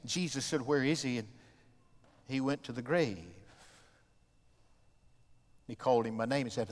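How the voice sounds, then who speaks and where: A middle-aged man from the American South preaching a sermon as pastor, moving between soft, tender asides and loud shouted climaxes. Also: mid-range voice, unhurried, long pauses. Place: church sanctuary. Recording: long reverb of a church sanctuary.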